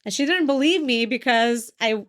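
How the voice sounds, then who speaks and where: A woman's voice: a little high, normal speed, fairly bright tone. A woman in her forties, a lawyer hosting a podcast, telling stories in an earnest, self-deprecating way. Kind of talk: casual podcast chat.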